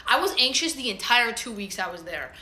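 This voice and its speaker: A woman's voice: fairly high pitch, expressive, a little fast, sharp tone, slight background noise. A young woman telling a personal story to camera in loose, slangy talk with plenty of swearing. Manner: slangy, loose, swears freely, acts out what others said. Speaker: vlogger. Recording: roomy echo.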